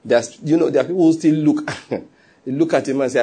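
A man preaching a sermon in an animated way, full of laughing asides and acted-out quotes. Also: medium pitch, fairly quick, breathy edge.

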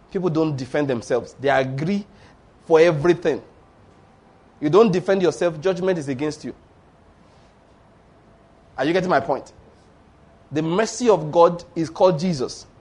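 A man preaching a sermon, animated and acting out the voices of people in his stories. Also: a little high. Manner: animated, acts out voices of Satan and church members.

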